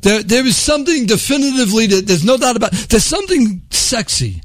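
A man's voice: very high voice, sing-song, brisk, no room sound, studio quality. A man delivering a sarcastic, mocking political monologue, rambling at times. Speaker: commentator.

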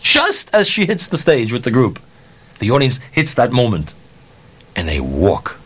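Male storyteller, concert promoter type, lively pitch swings, salty language, plays every line of dialogue himself. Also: measured pace, husky. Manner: animated, profane, acts out dialogue. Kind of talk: storytelling anecdote.

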